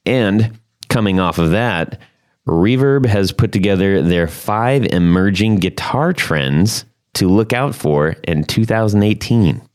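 A man's voice: fairly low pitch, lively intonation, takes it slowly. A man hosting a casual guitar podcast, chatty and joking, with lots of fillers. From United States. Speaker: podcast host.

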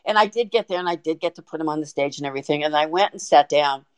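Low-pitched woman guest chatting on a podcast, excited, keeps restarting, dry sound. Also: fast talker, clean tone, no room sound. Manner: excited, animated retelling with frequent restarts. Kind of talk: casual storytelling.

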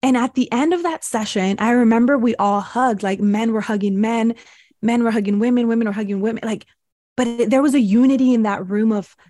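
A woman's voice: on the high side, fairly quick, mellow, no room sound, clean studio sound. A woman, a podcast guest and breathwork mentor, telling her life story in a casual interview and acting out her past thoughts as quotes.

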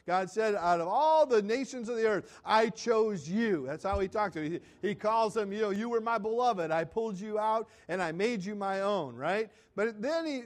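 High-voiced man preaching conversationally. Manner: conversational preaching, asks and answers himself; trails off quietly at phrase ends, with restarts. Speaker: pastor. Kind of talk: sermon.

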